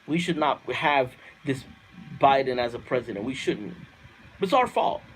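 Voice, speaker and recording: A man ranting on a livestream, fiery and profane, repeating himself and climbing into shouted outbursts. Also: medium pitch, lively intonation, a little slow, slight background noise. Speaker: livestream host reading viewer comments. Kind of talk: heated political rant on a livestream.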